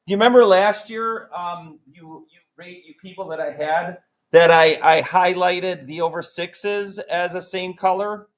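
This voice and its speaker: A man's voice: sits high, measured pace, hardly any pauses, low-quality recording. A man teaching a math class, joking around and quizzing students with countdowns. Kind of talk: classroom lesson.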